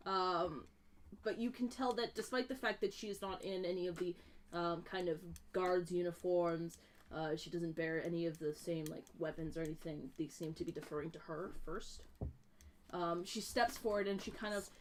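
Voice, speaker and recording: A woman's voice: fairly low pitch, fairly even intonation, normal speed. Woman game master narrating, lots of ums. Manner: descriptive, many fillers like um and like.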